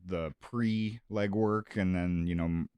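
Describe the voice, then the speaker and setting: A man's voice: deep voice, fairly even intonation, unhurried, darkish tone, clear, resonant tone, no room sound. A man from South Dakota, a music and comedy promoter, chatting casually on a radio show, rambling with lots of fillers and restarts. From Sioux Falls, South Dakota.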